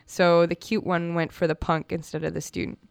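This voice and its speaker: A woman's voice: on the low side, flat delivery, fairly quick, vocal fry, clean tone, dry recording. A woman hosting a radio show about comics, chatting casually and enthusiastically with fillers and restarts.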